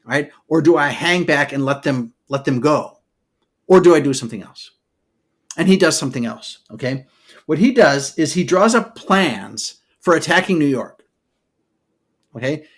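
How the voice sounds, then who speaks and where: A man co-hosting a podcast, telling history as a loose, animated story, full of "okay" and "all right" asides. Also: on the high side, moderate pace. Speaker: podcast co-host. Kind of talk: casual storytelling chat.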